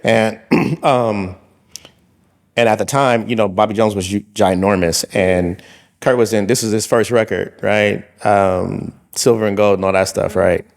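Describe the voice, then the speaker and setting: A man's voice: lowish voice, fairly even intonation, a little slow, creaky. A man in his forties, a podcast co-host, telling a story in casual chat with many restarts and fillers.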